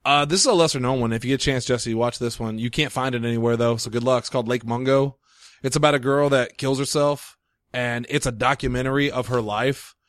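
Male host, quick and eager, casual chat, dry close sound. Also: medium pitch, fairly even intonation, dry recording. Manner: enthusiastic, rattles off movie titles.

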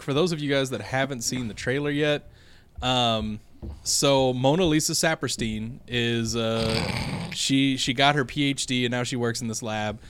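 A man's voice: medium pitch, a bit bright, smooth. A man co-hosting a podcast, chatting casually about movies and steering the talk, laughing often. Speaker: podcast co-host. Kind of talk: casual chat.

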